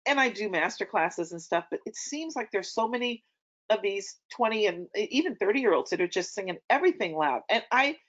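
A woman's voice: mid-range voice, expressive, a little fast. Chatty middle-aged woman telling stories. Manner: chatty anecdotal storytelling with many ums. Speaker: opera singer guest. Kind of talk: casual conversation. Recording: dull lo-fi audio.

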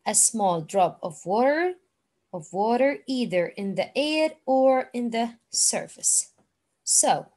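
Woman teacher, very slow patient delivery, repeats each word, voice a bit high. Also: darkish tone. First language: Arabic. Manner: slow, repeating words for learners. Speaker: English teacher. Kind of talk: online classroom lesson.

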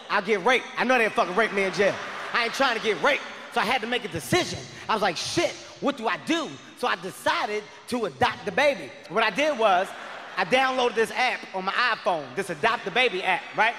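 A man with a high, bright voice doing stand-up, shouting his story loudly and with animated energy. He is recorded live on stage in a large hall with a long reverb tail, with a faint audience murmur behind him. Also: a little hiss or hum. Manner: loud, shouting, animated delivery. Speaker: stand-up comedian.

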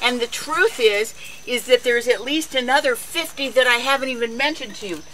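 Bright-voiced chatty woman homesteader. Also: a little high, moderate pace, slight background noise, poor audio. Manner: chatty, folksy, talks to her animals. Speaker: host of a lifestyle show. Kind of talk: casual home cooking and garden vlog.

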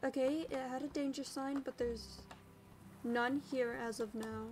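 A woman's voice: sits high, steady tone, a little slow, a little mellow, slight background noise. A woman streaming a game, chatting casually and squealing and cooing at the creatures on screen. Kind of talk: casual gameplay commentary. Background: game music.

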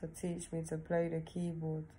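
A woman's voice: low-pitched, completely flat delivery, normal speed, warm tone, husky. A woman talking casually to herself on camera, chatty and laughing often, tagging her sentences with questions. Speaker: vlogger. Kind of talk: casual self-talk to camera.

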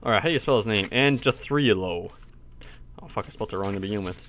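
A man giving casual let's-play commentary, excitable, cursing often and yelping in surprise. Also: lowish voice, rapid-fire, slight background noise. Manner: excitable, swears often, yelps and shouts in surprise. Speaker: gaming video host.

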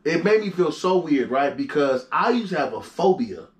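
A man's voice: fairly high pitch, very animated, normal speed. A young man hosting a podcast, telling stories animatedly with lots of profanity and stammered restarts. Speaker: podcast host. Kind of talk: casual chat. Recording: echoey room.

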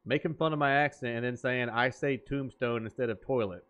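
A man's voice: mid-range voice, a little fast, a bit bright. A man streaming a game, joking and riffing in playful banter with his chat. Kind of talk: gaming stream commentary.

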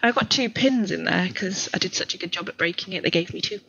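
A woman's voice: mid-range voice, quick pace, sharp tone, breathy edge, lo-fi sound. A woman in her thirties, a podcast guest talking at length in a chatty, rambling, self-deprecating way. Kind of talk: casual conversation.

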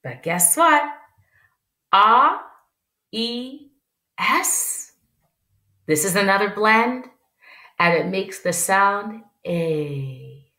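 A woman teaching young children, repeating words slowly and clearly and switching between English and French. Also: mid-range voice, very animated, pushed and bright, echoey room. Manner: slow, exaggerated enunciation, repeating words. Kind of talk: children's language lesson.

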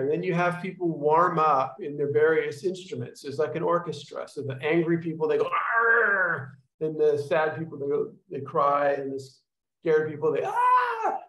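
A man's voice: fairly high pitch, reverberant, poor audio. A man leading an online study group, talking loosely with restarts and acted-out sounds as he explains exercises. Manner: rambling, with restarts and demonstration sounds. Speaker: workshop leader. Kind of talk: casual teaching to an online group. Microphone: video call.

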